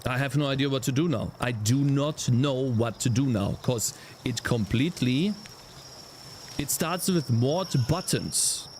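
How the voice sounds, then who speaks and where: A man's voice: medium pitch, measured pace, slight background noise. A young man streaming as a game developer, ranting in exasperation with heavy swearing and sighs. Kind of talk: live-stream commentary while coding.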